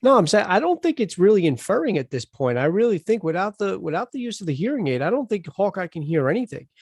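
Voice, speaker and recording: A man's voice: high voice, sing-song, fast talker, darkish tone, slightly rough, dry recording, studio quality. A man on a podcast, earnestly explaining and arguing his view. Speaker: podcast co-host. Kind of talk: casual chat.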